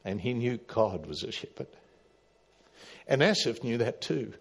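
Pastor preaching with dramatic swings. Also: male voice, mid-range voice, sing-song, a little slow, vocal fry, husky. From Australia. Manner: dramatic, rising to loud emphatic calls then dropping quiet. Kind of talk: sermon.

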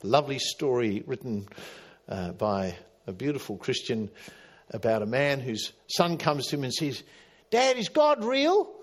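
A middle-aged man preaching a sermon, swinging from loud emphatic calls to quiet, low asides. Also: moderate pace, husky. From Australia. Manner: dramatic, rising to loud emphatic calls then dropping quiet. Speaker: pastor.

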